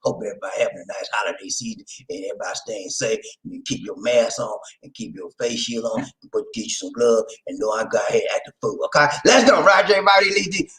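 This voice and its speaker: A man hosting his own video channel, talking casually straight to his viewers, shouting out names and preaching about community. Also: lowish voice, expressive, fast, hardly any pauses, poor audio. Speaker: vlog host. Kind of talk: casual direct-to-camera chat.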